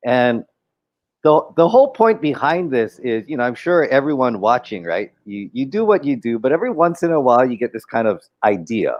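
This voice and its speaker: A man's voice: medium pitch, big pitch swings, fairly quick, muffled recording. A man co-hosting a casual live stream, joking and teasing, laughing often. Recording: roomy echo with faint music.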